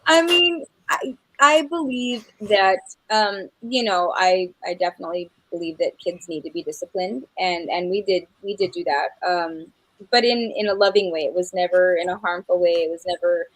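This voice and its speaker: A woman's voice: fairly low pitch, moderate pace, fairly bright tone, no room sound, poor audio. A middle-aged woman from New Mexico, a singer chatting as a guest in an interview, rambling with lots of fillers and restarts and laughing easily. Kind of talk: casual interview chat.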